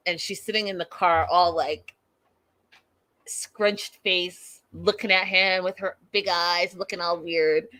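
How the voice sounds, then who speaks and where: A woman hosting a casual reality-show recap, sassy and animated, acting out what people said. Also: medium pitch, clean tone, no room sound. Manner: animated, sassy, acts out quotes.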